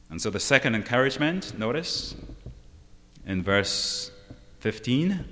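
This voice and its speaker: Guy preaching slow, kinda low voice, asks lots of "right?" questions, big echoey hall. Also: fairly bright tone. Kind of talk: sermon. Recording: long hall reverb.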